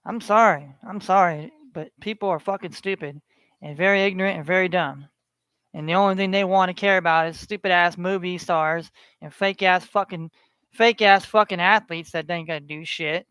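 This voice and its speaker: A man's voice: high voice, steady tone, brisk, a bit bright, clear, resonant tone, no room sound. A man delivering a heated, profane rant to his online audience, repeating himself as he builds his tirade. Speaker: online ranter.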